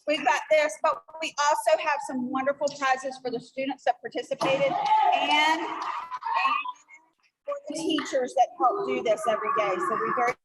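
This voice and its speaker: High-voiced woman over loud background noise. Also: animated, moderate pace. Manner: upbeat and addresses students directly.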